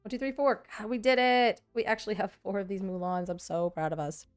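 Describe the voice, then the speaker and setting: A woman's voice: medium pitch, steady tone, soft background music. A woman talking casually to her viewers as she sorts a pile of trading cards, rambling and poking fun at herself. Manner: rambling, self-mocking, quick mock dialogues. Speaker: content creator building a card deck. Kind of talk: casual vlog chatter while sorting cards.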